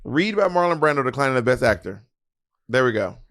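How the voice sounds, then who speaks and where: Quick-talking guy cohosting a chat podcast, teasing and joking, dry close mic. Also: mid-range voice, big pitch swings, fairly bright tone, no room sound. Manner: teasing, joking, talks with hands. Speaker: podcast co-host. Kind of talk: casual chat.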